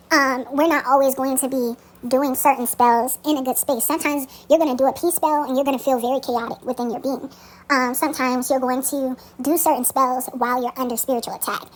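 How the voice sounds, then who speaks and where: 一位女性以随意的口吻一步步讲解一个灵性咒语的做法，常带"嗯"，偶尔说粗话。. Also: female voice, sits high, poor audio. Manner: relaxed, frequent ums, occasional swearing. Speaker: spiritual practitioner teaching a spell. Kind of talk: casual spoken tutorial.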